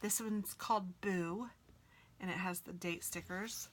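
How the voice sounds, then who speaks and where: A woman gushing excitedly as she unboxes planner stickers for her viewers, often dropping into soft whispers. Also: lowish voice, unhurried, slight background noise. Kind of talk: casual unboxing chat.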